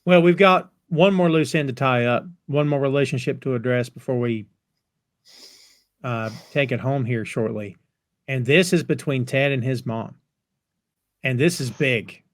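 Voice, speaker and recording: A man co-hosting a podcast, telling a scene in a casual, lively way. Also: mid-range voice, measured pace, no echo, clean studio sound. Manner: animated storyteller who recaps scenes. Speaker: podcast co-host. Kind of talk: casual recap chat.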